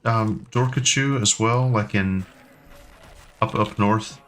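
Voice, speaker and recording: Speaking slowly in a fairly low, fairly bright voice, a man in his thirties from the US chats casually on stream. His talk is rambling and halting, with many ums and restarts.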